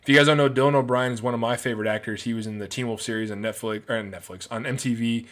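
A man's voice: mid-range voice, fairly even intonation, racing, fairly bright tone. A man giving casual, enthusiastic movie commentary as a film reviewer, rambling from one scene to the next.

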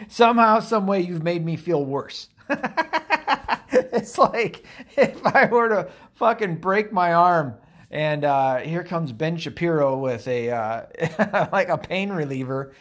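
A man giving casual political commentary, profane and sarcastic, rambling with lots of fillers. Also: on the high side.

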